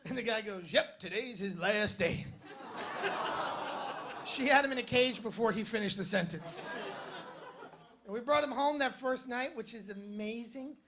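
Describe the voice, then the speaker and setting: A man's voice: very high voice, normal speed, background noise. A male stand-up comedian telling jokes and stories on a comedy club stage in a wry, conversational way, with punchy jokes. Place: comedy club stage in front of a live audience.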